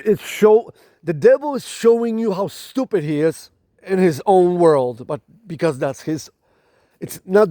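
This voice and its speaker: A man's voice: high voice, dark tone, no echo, studio quality. A man with a non-native accent, giving a dramatic, preachy spiritual monologue to camera, with emphatic repetition and restarts. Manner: dramatic, preachy, repeats "my galactic family". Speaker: spiritual channel host.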